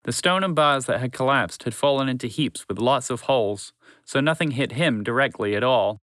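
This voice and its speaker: A man narrating a children's story in a calm, measured, friendly way. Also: mid-range voice, no echo.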